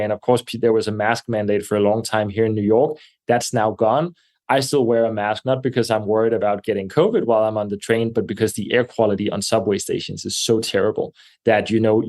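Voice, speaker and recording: A man with a low voice answers interview questions in a measured, thoughtful way. He pauses often and restarts his sentences. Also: a little mellow. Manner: measured, with frequent fillers and restarts. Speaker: guest, air purification company representative. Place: New York.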